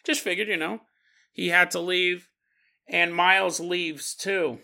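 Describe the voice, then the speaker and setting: A man's voice: high voice, steady tone, a little slow, vocal fry, bright, forceful tone. A man hosting a podcast, telling a story in a casual, conversational way with lots of fillers. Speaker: podcast host.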